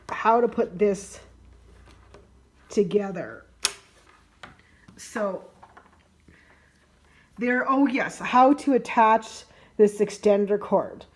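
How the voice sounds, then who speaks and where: A woman tech vlogger at home casually walks through a hands-on gadget demo in a how-to unboxing style, chatty and rambling, correcting herself often as she explains each step. Her voice is a little high, and the handheld camera mic picks up slight background noise.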